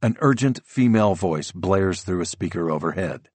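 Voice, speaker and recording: A man narrating a first-person novel as an audiobook, measured and descriptive. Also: deep voice, expressive, a little mellow, husky, no room sound.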